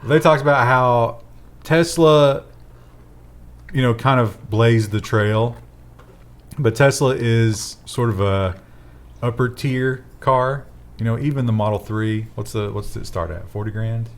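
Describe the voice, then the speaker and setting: A man's voice: mid-range voice, a little slow. A man hosting a casual tech news chat, with dry and wry asides.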